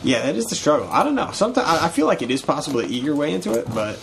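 A man's voice: on the high side, sing-song, very fast, creaky, background noise. A young man co-hosting a casual podcast chat, easygoing and dry. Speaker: podcast co-host.

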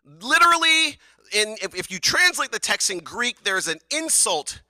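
A woman's voice: fairly high pitch, very animated, moderate pace, sharp tone, dry recording. A woman preaching a sermon in a casual, conversational way, with joking asides and filler words.

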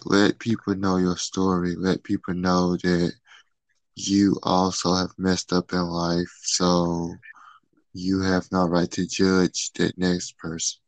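A man hosting a podcast with a very low, gravelly voice that barely moves in pitch. He talks slowly and deliberately, urging listeners on. The sound is close and dry. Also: completely flat delivery, dry recording, rough recording. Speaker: podcast host. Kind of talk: podcast talk.

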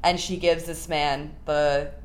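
A young woman co-hosting a podcast, telling a story in a casual, animated way. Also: slow. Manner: animated storyteller, slips into high put-on voices for quotes. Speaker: podcast co-host.

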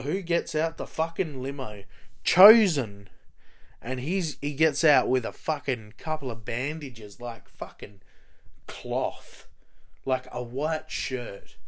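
A man's voice: mid-range voice, a bit bright. A man casually recapping a TV show, rambling and swearing, full of fillers like "you know" and "like.". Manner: profane, rambling, heavy on fillers. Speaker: TV show fan recapping episodes.

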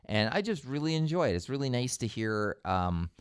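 A man co-hosting a podcast in casual chat, animated and quick to laugh. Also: clean tone, no room sound, studio quality. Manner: animated, laughs easily, jumps into high pitch when excited. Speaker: podcast co-host, teacher.

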